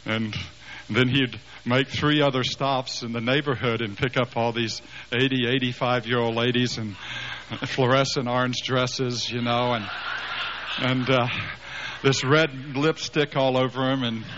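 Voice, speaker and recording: A man in his fifties preaching through a personal story, animated and acting out the dialogue, with many restarts. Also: mid-range voice, a little slow. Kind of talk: storytelling sermon. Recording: slightly muffled with faint hiss.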